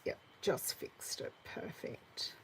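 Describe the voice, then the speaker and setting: A craft demonstrator in her forties with an Australian accent talks slowly through a live card-making class, with background noise in the audio. She answers viewers by name and mutters softly to herself as she works.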